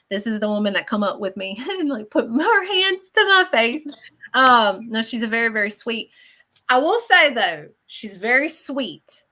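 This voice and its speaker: Lady medium doing live readings, bright voice, animated, keeps saying okay?. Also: mid-range voice, gravelly. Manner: chatty and animated, often checking in with "okay?". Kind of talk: live radio show reading.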